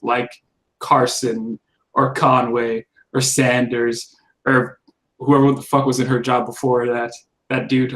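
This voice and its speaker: A man in casual political banter on a podcast, blunt and profane, breaking into short laughs as he rants. His voice sits at an ordinary middle pitch for a man. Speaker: podcast co-host.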